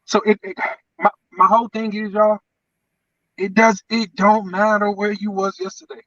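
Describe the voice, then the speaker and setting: Emphatic man, bright and high. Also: little pitch movement, normal speed, dry recording, distant mic, dull audio. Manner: emphatic, repetitive, preacher-like. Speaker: podcast co-host. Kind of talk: motivational casual chat.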